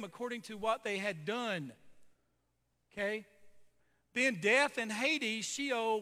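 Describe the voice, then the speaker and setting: High bright-voiced preacher in a reverberant hall. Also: male voice. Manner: storytelling preacher, conversational asides. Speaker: pastor. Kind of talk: sermon.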